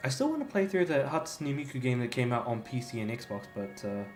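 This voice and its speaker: A young game streamer chats loosely with his stream chat, drifting from thought to thought with plenty of fillers and restarts. His mid-range voice is sing-song and fairly quick, sitting in a plain middle register, and it echoes around the room over faint background music.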